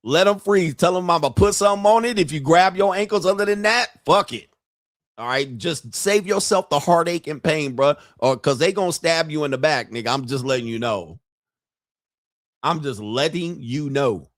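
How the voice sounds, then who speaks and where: A man's voice: on the high side, lively intonation, moderate pace, dry recording, studio quality. A man hosting a casual live stream, ranting with profanity and jokes and acting out the voices of the people he quotes. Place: home studio.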